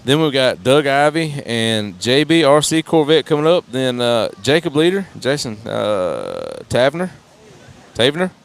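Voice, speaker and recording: Gravelly, animated male race commentator. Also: mid-range voice. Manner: excitable, chatty, quick to exclaim. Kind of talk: live event commentary.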